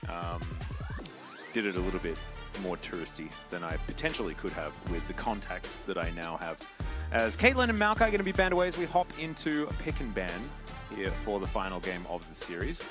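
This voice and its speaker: A man's voice: deep voice, sing-song, fairly quick, music in the background. A man casting an esports match, mixing play-by-play with dry, mock-formal banter. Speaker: esports caster. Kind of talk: play-by-play commentary.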